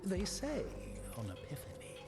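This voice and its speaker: A narrator telling the story in measured scripted lines from a game. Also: mid-range voice, wildly swooping pitch. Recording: game audio with loud music.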